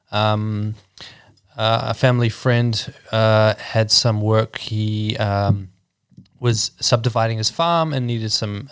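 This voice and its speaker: A New Zealand man in his thirties talks through his career in a relaxed, halting way, often pausing on ums. His voice sits low and sounds smooth and clear. The recording is dry and close, with no room sound. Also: dry recording. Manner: relaxed, hesitant, full of ums. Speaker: guest architect. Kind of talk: casual interview chat.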